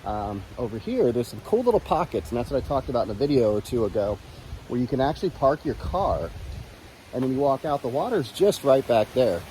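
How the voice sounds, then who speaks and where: A man's voice: medium pitch, big pitch swings, a little fast, warm tone. Guy chatting loosely while walking outside, phone mic, faint outdoor hum. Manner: rambling, easygoing, many fillers. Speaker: reaction channel host. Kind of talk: casual walk-and-talk vlog.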